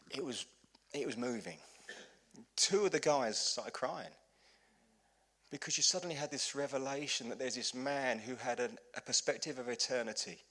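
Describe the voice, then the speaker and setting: A male pastor delivers a conversational sermon, his voice bright and forward. He talks in an earnest, heartfelt way, often restarting his sentences as he tells his story. The delivery suits a church congregation. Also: mid-range voice.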